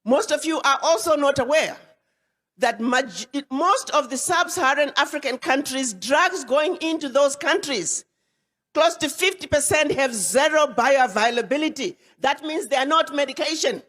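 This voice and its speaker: A woman addresses an audience as an ambassador, her voice high and her delivery emphatic, with words repeated for force. The speech rings out with a long reverb tail, like a large hall. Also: lively intonation, moderate pace, fairly bright tone. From Ghana. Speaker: ambassador giving a public address.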